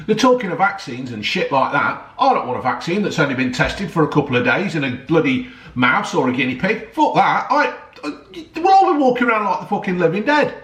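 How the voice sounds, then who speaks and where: Middle-aged man for a heated, swearing football rant, somewhat high, echoey room. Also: sing-song, brisk, a bit bright. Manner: heated, sweary, rambling, keeps asking right and yeah. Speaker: football vlogger. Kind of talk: ranting vlog.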